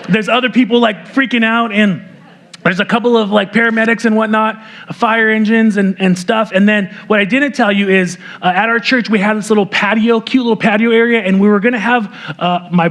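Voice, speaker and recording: A pastor giving an earnest testimony in a sermon, telling a personal story with light laughs and frequent restarts. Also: male voice, high-pitched, a bit bright. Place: church sanctuary.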